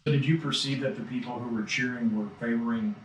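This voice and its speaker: A man's voice: medium pitch, steady tone, quick pace, slight background noise. A man interviewing witnesses with probing, leading questions, recorded in an echoey room from a distance.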